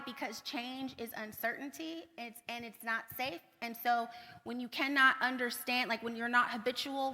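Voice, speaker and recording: A woman giving a conference keynote talk, energetic, repeating points for emphasis and checking in with the audience. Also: on the high side. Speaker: keynote speaker. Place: large conference hall. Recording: long hall reverb.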